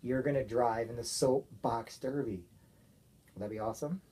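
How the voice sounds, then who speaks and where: A father giving his young daughter an earnest, gentle talk, often checking with "okay?". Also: mid-range voice, moderate pace, husky. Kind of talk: heartfelt talk to his child.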